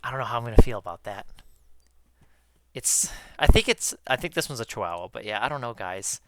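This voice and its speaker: A man in casual chat with viewers while gaming, excitable, swearing often and calling his viewers guys. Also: mid-range voice, a little fast, noisy background. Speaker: gaming YouTuber.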